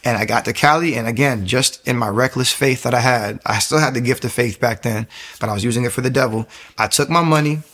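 A young man tells his faith testimony in a rushed, emphatic stream. He keeps restarting his sentences. His voice is mid-pitched and jumps up sharply at key points. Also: a bit bright. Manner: fast, emphatic telling with frequent restarts and sudden raised bursts. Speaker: former soldier giving a testimony. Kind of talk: personal faith testimony, casual storytelling.

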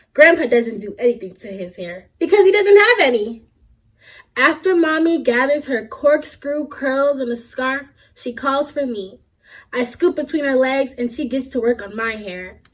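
A young woman, a university student, reads a children's picture book aloud in a friendly way. Her voice is high-pitched, and the recording is low quality.

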